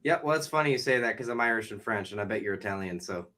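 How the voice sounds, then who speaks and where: A man's voice: lowish voice, lively intonation, fast talker, sharp tone. A young man from the Boston area hosting a podcast, chatting casually with a guest, joking and rambling and swearing freely. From Boston area, New England. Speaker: podcast host. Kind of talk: casual chat interview.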